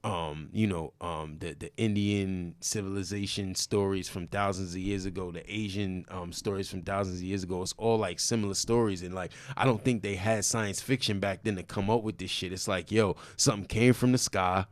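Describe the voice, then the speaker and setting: A man's voice: deep voice, steady tone, a little fast, hardly any pauses, no room sound. A man co-hosting a casual podcast chat, arguing insistently and animatedly in profane street slang. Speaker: podcast co-host.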